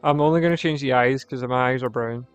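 A man's voice: mid-range voice, quick pace, smooth, no echo, dull audio, faint music behind. A man with a Scottish accent, co-hosting a gaming video and casually chatting and reading game text aloud. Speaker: gaming channel co-host. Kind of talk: casual gameplay chat.

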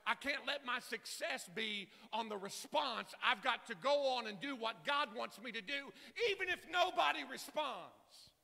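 A male pastor with a Southeast Kentucky accent preaching a sermon, swinging from shouted peaks to low, quiet asides. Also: gravelly, in a large hall.

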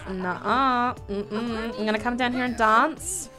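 A woman chatting through a life-simulation game, giggling and exclaiming often. Her voice sits a bit high, and she talks at an unhurried, drawn-out pace between her bursts of excitement. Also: music in the background. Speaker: let's play gamer. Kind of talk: casual gameplay commentary.

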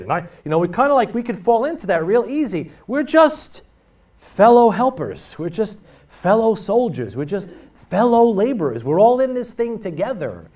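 Animated preacher heard from across the room. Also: male voice, high-pitched, normal speed. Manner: animated, emphatic, repetitive preaching. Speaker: pastor. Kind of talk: sermon. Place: church. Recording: voice from far off the mic.

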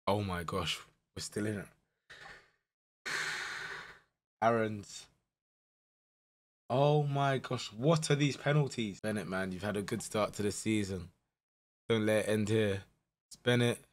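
A young man giving live commentary over a football management game, swinging from muttered dread to shouted excitement. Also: lowish voice, measured pace, long pauses. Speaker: gaming YouTuber.

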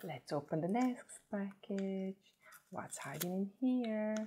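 A woman beauty vlogger chatting casually as she unboxes gifts, gushing and repeating words in her excitement. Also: mid-range voice, slow pace, background noise.

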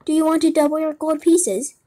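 A woman's voice: high voice, fairly even intonation, a little fast, mellow, pitched above the performer's own voice, close to an everyday voice. A woman voicing a cunning male fox in a storybook, courteous and coaxing. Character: sly smooth-talking male fox, cunning.

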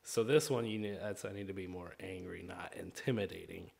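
A young man hosting a comedy podcast in casual chat, animated, laughing often and swearing. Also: deep voice, fairly quick, vocal fry, slightly rough. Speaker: podcast host.

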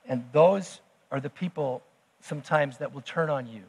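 A man preaching a sermon as pastor, emphatic, swinging between loud declarations and hushed asides. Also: on the high side, normal speed, creaky, breathy edge. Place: church sanctuary. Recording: long church hall reverb.

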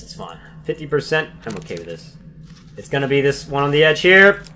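Man, high voice, very lively pitch, excitable let's play commentary, swears and yelps. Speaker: gaming channel host.

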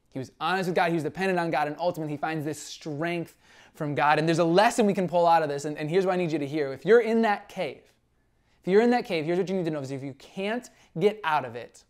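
Earnest young male pastor preaching. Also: a little high. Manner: earnest, conversational preaching with dramatic reading of scripture. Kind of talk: sermon.

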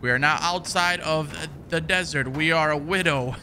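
A young man commenting on a horror game as he plays, swearing often and breaking into loud outbursts. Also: a little high, normal speed, noisy background. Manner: profane, reactive, loud outbursts. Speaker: gaming commentator. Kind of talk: let's play commentary.

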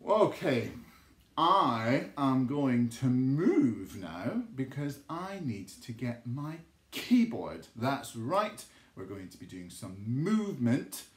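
Playful, animated male music teacher. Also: medium pitch. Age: adult. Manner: playful, sing-song, dramatic. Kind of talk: children's music lesson with rhymes. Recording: roomy echo.

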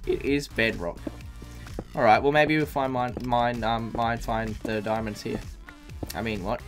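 A man with a lowish, fairly bright voice streams a game live, sounding tired as he rambles profanely, full of fillers and restarts. It's casual live-stream chat with faint music behind him.

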